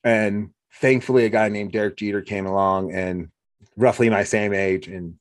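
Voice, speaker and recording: A man's voice: fairly low pitch, normal speed, no echo, clean studio sound. A man talking casually as host, telling stories and acting out what people said. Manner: animated storyteller, acts out quotes. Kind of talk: casual conversation.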